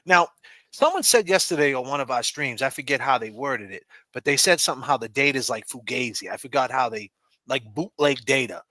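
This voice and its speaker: A man's voice: mid-range voice, lively intonation, fairly quick, bright, forceful tone, no echo. A man hosting a livestream, talking in a heated, profane, riffing way and taunting mockingly. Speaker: livestream host. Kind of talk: casual heated chat.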